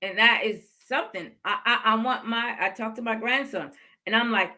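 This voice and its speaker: Her voice sits on the high side, pushed and bright, at a normal speed. She's a podcast host in her fifties delivering heartfelt, faith-based motivation and repeating phrases for emphasis.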